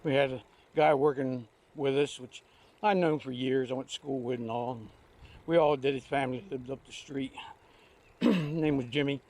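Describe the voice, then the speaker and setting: An older vlogger with a medium-pitched, darkish voice talks at normal speed in a steady tone. Riding a recumbent trike outdoors, he casually tells rambling, folksy stories in homespun speech.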